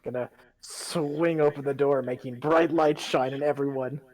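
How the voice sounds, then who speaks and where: A man playing a tabletop game, quickly and eagerly declaring his character's actions. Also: mid-range voice, fairly even intonation, darkish tone. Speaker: player. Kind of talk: casual tabletop game play.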